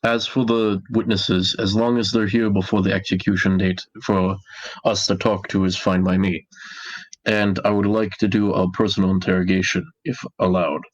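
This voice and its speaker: Deep-voiced male player, dull sound. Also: flat delivery, normal speed. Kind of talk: playing a tabletop game.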